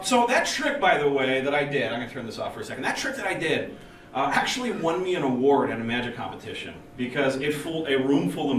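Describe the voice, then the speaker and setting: A man giving a conference talk to a room of engineers, chatty and lively, acting out the people in his stories. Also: mid-range voice. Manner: lively, conversational, acts out quoted people. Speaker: conference speaker. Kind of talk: technical conference talk with storytelling. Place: meeting room at a user group event. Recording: roomy and distant with faint noise.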